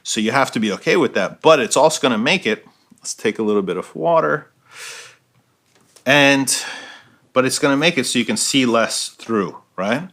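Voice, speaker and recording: A man's voice: medium pitch, expressive, normal speed, fairly bright tone. A man teaching a step-by-step painting tutorial, explaining each move as he paints and often checking in with "right?". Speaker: art instructor.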